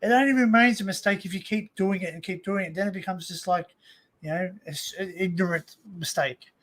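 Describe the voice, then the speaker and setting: A man's voice: sits high, a little fast, fairly bright tone. An Australian man hosting a live stream chat from a home setup, talking into a desk microphone in a loose, rambling way full of "you know" and "like". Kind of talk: casual chat.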